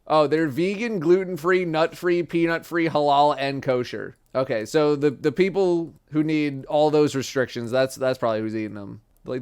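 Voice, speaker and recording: A man streaming casual chat, blunt and profane, dropping to flat mumbles and jumping to loud outbursts. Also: mid-range voice, moderate pace, hardly any pauses, clean tone.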